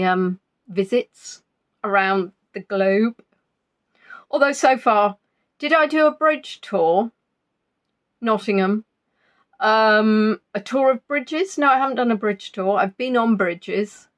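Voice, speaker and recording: A woman hosts a live stream from home in a loose, rambling chat. She pokes fun at herself as she goes, and she still sounds not quite over an illness. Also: mid-range voice. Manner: chatty, rambling, self-deprecating. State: not fully recovered from illness. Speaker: livestream host.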